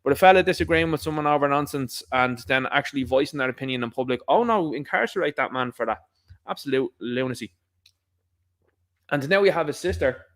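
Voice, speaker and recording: A man's voice: mid-range voice, fairly quick, fairly bright tone. A man hosting an opinion show, delivering an indignant, sarcastic monologue with emphatic bursts. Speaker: commentary show host.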